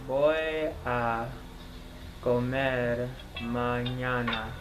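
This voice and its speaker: A woman's voice: extremely low pitch, fairly even intonation, very slow, music in the background. A woman as a language student, answering tentatively and repeating words after her teacher. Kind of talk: guided language lesson.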